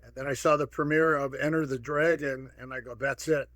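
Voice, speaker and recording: A man's voice: mid-range voice, brisk, no echo. Man in his sixties telling stories. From Minnesota, USA. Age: 60s. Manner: lively anecdotal, acts out quoted dialogue. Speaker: guest, martial arts pioneer. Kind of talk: casual storytelling.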